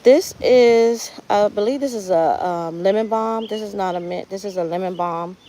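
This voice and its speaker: A woman's voice: medium pitch, normal speed, dark tone. A woman hosting a casual live tour of her home garden outdoors, talking in a chatty, heartfelt way about prayer and gratitude while she walks with her phone. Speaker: gardening channel host.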